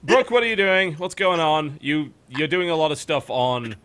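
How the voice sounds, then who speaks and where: A man's voice: on the high side, normal speed, fairly bright tone. A man co-hosting a podcast in casual chat, who makes dry, wry jokes. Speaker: podcast co-host.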